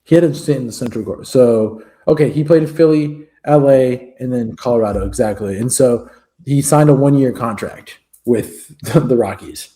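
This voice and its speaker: A man's voice: mid-range voice, normal speed, mellow. A man co-hosting a sports podcast in casual chat, joking and rambling with fillers. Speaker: podcast co-host.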